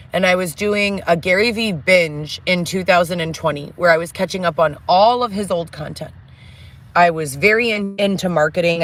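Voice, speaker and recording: A woman's voice: lowish voice, fairly bright tone. A woman in a candid vlog monologue, talking bluntly and emphatically, swearing often, rambling from point to point and piling up lists. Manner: rambling, piles up lists and restarts. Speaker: vlogger telling personal stories.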